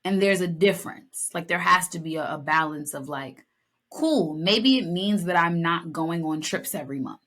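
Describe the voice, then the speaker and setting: A young woman co-hosting a podcast in relaxed chat, with a slightly low voice. She tells stories with animated energy, slipping into quick impressions of the people she describes. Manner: animated storytelling, acts out lines, playful. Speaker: podcast co-host. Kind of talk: casual chat.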